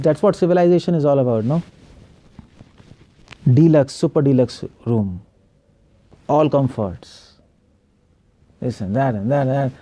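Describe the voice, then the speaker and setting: A man's voice: on the high side, mellow, muffled recording. A male preacher giving an online spiritual class over a video call, firing rhetorical questions at the class and chuckling often.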